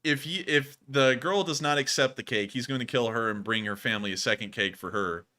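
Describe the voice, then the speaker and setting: An American man hosting a casual livestream, with a bright, forceful voice. He rambles, stumbles over restarts and jumps into excited bursts. His talk is loose and chatty. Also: medium pitch, fairly quick. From United States. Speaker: livestream host.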